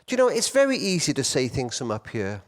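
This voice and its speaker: Animated middle-aged male conference speaker. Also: mid-range voice, fast. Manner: animated storyteller, wide swings between loud and hushed. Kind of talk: storytelling talk to men.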